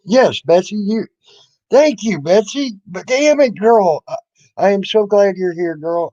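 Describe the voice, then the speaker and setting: His voice is high-pitched, mellow and sing-song at a normal speed as this YouTube commentator mocks and confronts people, swearing freely in an angry rant. The dull lo-fi recording carries no room sound.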